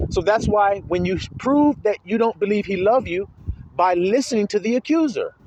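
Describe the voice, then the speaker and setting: Guy preaching a sermon, high voice, swings up and down a lot, keeps firing questions at the flock. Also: expressive, normal speed, highs cut off, background noise. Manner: preaching with rhetorical questions to listeners; calls listeners little flock.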